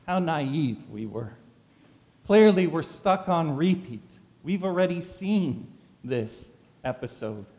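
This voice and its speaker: High, lively preaching man. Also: takes it slowly, long reverb tail. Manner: dramatic preaching with rhetorical questions. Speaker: pastor. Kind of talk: sermon.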